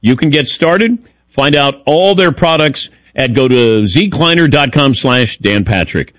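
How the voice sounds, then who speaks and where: A man hosting a sports radio show, teasing his co-hosts in a wry, lively way and reading an ad. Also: mid-range voice, unhurried, no echo. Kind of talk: casual radio talk and read ad.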